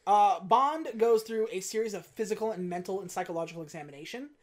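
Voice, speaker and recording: A woman with an ordinary mid-range voice talks through a film as a podcast co-host. Her delivery is casual and deadpan. She swears freely as she tells the story. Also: mid-range voice, fast talker. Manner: profane, deadpan, drops into quoted voices. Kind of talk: casual comedic recap.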